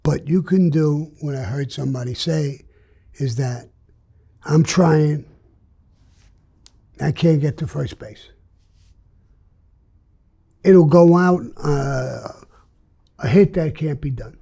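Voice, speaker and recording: A man's voice: a little high, takes it slowly, creaky, pauses often, warm tone, husky. An older man, telling a story in an interview in a blunt, streetwise way and acting out the dialogue. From New York.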